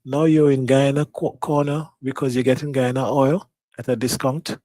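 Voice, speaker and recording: A man's voice: mid-range voice, level tone, normal speed, mellow, dry recording, low-quality recording. Guy on a live news talk show, medium voice, dry sound, keeps asking why, very opinionated. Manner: rhetorical questioning, opinionated.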